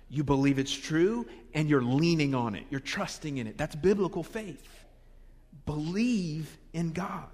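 Animated preacher in a reverberant hall. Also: male voice, fairly high pitch. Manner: animated, conversational with humorous asides. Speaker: pastor. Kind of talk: sermon.

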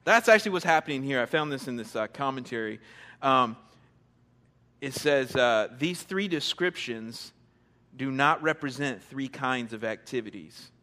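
A young adult male pastor giving a casual, conversational sermon from a church stage, with playful asides and quick bursts of excitement. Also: mid-range voice, long reverb tail.

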